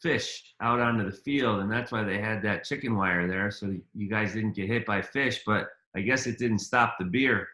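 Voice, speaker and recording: A man leads a relaxed reunion chat, reacting briefly and inviting others to share. His voice is bright and forward, a touch low. It bounces around an echoey room. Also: normal speed, hardly any pauses. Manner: short reactions, prompts others for stories. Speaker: moderator. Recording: roomy echo.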